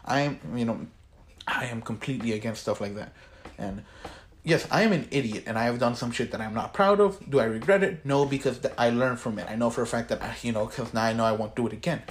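A man's voice: medium pitch, fast talker, slight background noise. Teen male co-host, casual profane rant, rambling delivery. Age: teens. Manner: profane, rambling, gets worked up. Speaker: podcast co-host. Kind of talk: casual chat.

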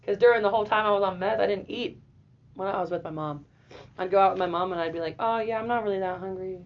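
A woman in her twenties, a podcast guest, telling a personal story in a lively, profane way and often laughing. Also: mid-range voice, fast talker. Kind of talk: casual storytelling. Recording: dull lo-fi audio.

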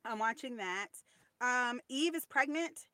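A woman's voice: on the high side, lively intonation, unhurried, pushed and bright, dry recording. A woman co-hosting a podcast, chatting casually and sharing opinions in a storytelling way. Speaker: podcast co-host. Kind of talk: casual chat.

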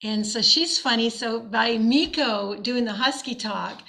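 A woman from Canada talks as a guest on a casual podcast, telling her stories with eager animation. Her voice sits a bit high and carries a gravelly, creaky edge. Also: measured pace, sharp tone, poor audio. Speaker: singer-songwriter guest. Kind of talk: casual interview chat.

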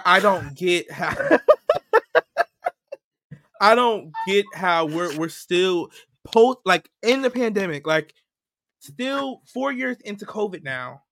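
Slow, bright-voiced podcast co-host. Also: mid-range voice, dry recording, studio quality. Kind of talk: casual chat.

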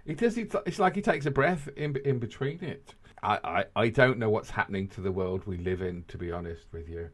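A man's voice: on the low side, animated, a little fast. A man hosting a podcast, rambling and jokey in casual banter, laughing often. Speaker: podcast host.

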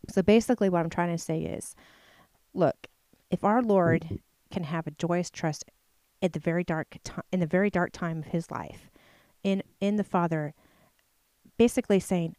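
A woman's voice: fairly low pitch, normal speed, long pauses, dark tone, no echo, studio quality. A middle-aged woman recording a casual devotional talk in her home basement. She acts out both sides of her talks with God and laughs easily.

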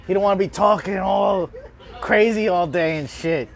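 A man's voice: sits high, normal speed, vocal fry. A man recording a casual podcast while at work in a deli, laughing often and swearing casually. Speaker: podcast host recording at his deli job.

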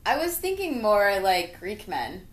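A woman's voice: mid-range voice, sing-song, unhurried. A young woman co-hosting a podcast in a brash, profane, casual chat, laughing often. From Italian heritage. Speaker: podcast co-host. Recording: echoey room.

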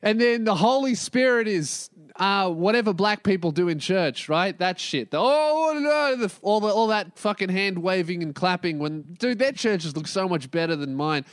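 A young man hosting his own podcast, ranting and yelling in a profane, rambling comedic monologue that jumps between topics. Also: sits high, no echo, clean studio sound. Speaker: podcast host. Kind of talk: solo comedic podcast rant.

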